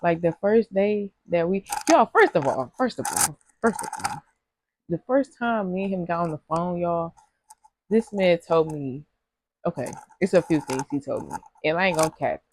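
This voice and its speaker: A woman's voice: on the low side, expressive, moderate pace, slight background noise. A young woman telling a rambling, slangy storytime to her viewers, laughing often. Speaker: vlogger. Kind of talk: casual storytime chat.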